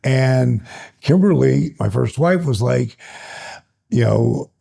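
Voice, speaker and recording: A man in his sixties, a retired wrestler, telling stories as a guest in an interview in an animated, excitable way. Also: medium pitch, slow pace, gravelly, slightly rough. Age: 60s. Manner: animated, builds stories up excitedly, laughs between phrases. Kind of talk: storytelling in an interview.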